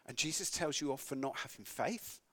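A man's voice: medium pitch, animated, normal speed, fairly bright tone. Man preaching with wry, chatty asides. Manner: conversational, self-correcting, wry asides. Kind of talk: sermon with scripture reading.

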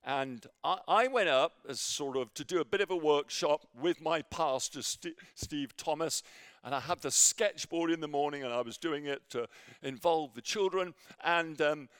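A man preaching a sermon with a personal story, halting with many fillers and restarts, sometimes dropping to near a whisper. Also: fairly high pitch, clean tone, dry recording, studio quality. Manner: drops to near whisper in quiet moments.

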